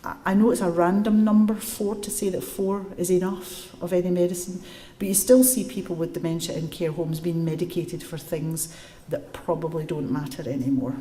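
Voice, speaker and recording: A woman's voice: fairly low pitch, normal speed, few pauses, a little hiss or hum. A woman giving a public lecture to a live audience and answering questions, telling stories and explaining step by step. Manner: lively storytelling, explains step by step. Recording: echoey room.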